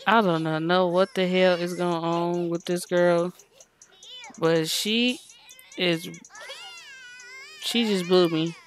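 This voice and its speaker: A woman hosting her gaming channel, giving casual commentary in an exasperated, expressive, scolding way. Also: fairly low pitch, slow pace, long pauses, a little hiss or hum.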